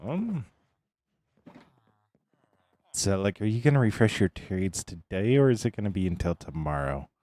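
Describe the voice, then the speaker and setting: A man streaming live, chatting casually and greeting viewers by name, tired and relaxed. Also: fairly low pitch, unhurried, long pauses, dry recording.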